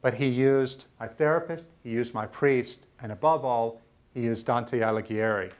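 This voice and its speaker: Man, middle-aged, earnest, halting, mid-pitched, lecture storytelling. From Louisiana, US South. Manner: earnest, halting, repeats words when moved. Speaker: author giving a lecture. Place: university lecture room.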